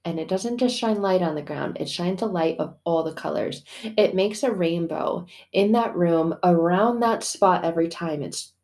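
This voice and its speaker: A woman's voice: lowish voice, moderate pace, darkish tone. A woman and mother hosting a casual faith talk, chatty and slangy, with some swearing. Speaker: faith podcast host.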